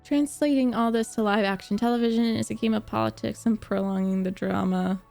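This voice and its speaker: A young woman streamer chatting casually with live viewers, gushing, animated and laughing often as she answers their comments. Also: mid-range voice, a little fast, creaky, soft background music. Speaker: streamer reacting to a book series.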